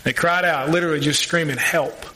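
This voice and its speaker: A man's voice: high-pitched, moderate pace, bright, forceful tone, slight background noise. A male pastor preaching a sermon, earnest and asking the congregation questions.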